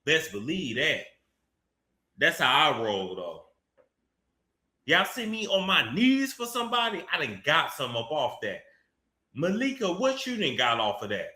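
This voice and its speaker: A man hosting celebrity gossip commentary, talking in a profane, mocking way with sudden bursts of shouting. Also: on the high side, big pitch swings, measured pace, long pauses. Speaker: commentary host. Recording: echoey room.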